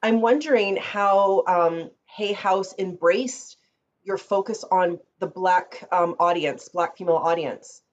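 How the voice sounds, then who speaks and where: A woman's voice: fairly low pitch, slow pace. A woman hosting an interview, reflecting and affirming her guest, thinking aloud as she frames questions. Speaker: podcast host. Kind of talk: conversational interview. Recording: dull lo-fi sound with faint background noise.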